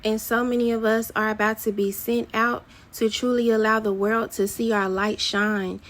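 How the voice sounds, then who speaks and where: A woman's voice: fairly high pitch, little pitch movement, moderate pace, few pauses, fairly bright tone. Fervent woman delivering a prophetic word. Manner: fervent, repetitive declarations; casual slang mixed with scripture reading. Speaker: prophetic minister.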